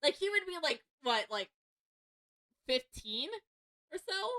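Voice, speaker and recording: Excitable high-voiced woman streamer. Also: slow. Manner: excitable, chatty and giggly. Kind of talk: live game let's play commentary.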